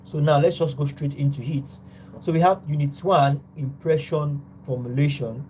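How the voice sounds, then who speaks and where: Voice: mid-range voice, steady tone, moderate pace, a little mellow, slight background noise, poor audio. A tutor gives an online psychology class, explaining step by step and opening many points with "now".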